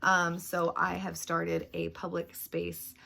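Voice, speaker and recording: A woman's voice: lowish voice, completely flat delivery, slow pace, vocal fry, pushed and bright. A woman chatting casually about her reading plans, rambling with lots of "like" and "um". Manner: rambling, full of "like" and "um". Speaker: book vlogger.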